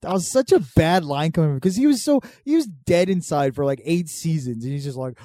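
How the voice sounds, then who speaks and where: A man chatting casually and swearing freely, mocking characters in quick put-on quotes. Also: on the high side, no echo. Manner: profane, animated, mocks characters in put-on quotes. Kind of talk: casual chat.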